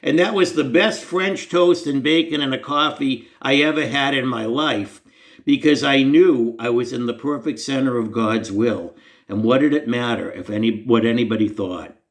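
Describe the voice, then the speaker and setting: A man's voice: mid-range voice, moderate pace. A man telling a personal faith story to the camera in an earnest, conversational, self-deprecating way. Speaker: Christian storyteller.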